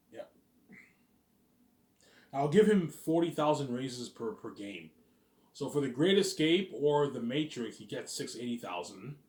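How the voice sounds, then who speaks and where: A man rambling through a casual vlog, restarting sentences and dropping in fillers and curse words. His voice swings up and down with lively intonation. The room around him is roomy and echoing. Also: medium pitch. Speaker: vlogger.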